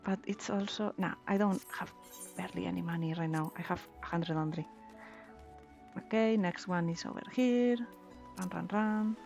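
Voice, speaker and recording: A woman's voice: fairly low pitch, normal speed, vocal fry, a little mellow, soft background music. A woman streaming a game in casual commentary, chatty and giggly, thinking aloud as she plays.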